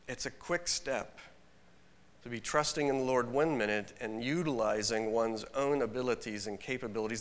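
Pastor preaching in a ringing hall. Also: male voice, mid-range voice. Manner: earnest, conversational, with sudden emphatic rises. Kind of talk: sermon.

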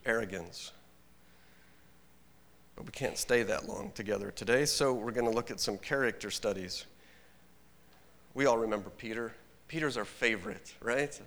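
A male pastor preaching in an earnest, conversational way, pushing up into sudden emphatic rises. His voice sits at an ordinary middle pitch. It carries the long, ringing reverb of a large church sanctuary. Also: fairly bright tone. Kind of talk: sermon.

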